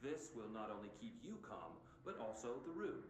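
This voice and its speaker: A measured official announcer speaking over the building's PA, lively in pitch, with a roomy echo. A faint hiss of noise sits under the calm, bureaucratic delivery. The game voice stays even and orderly. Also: male voice. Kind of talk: public address announcement. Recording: echoey PA with background noise.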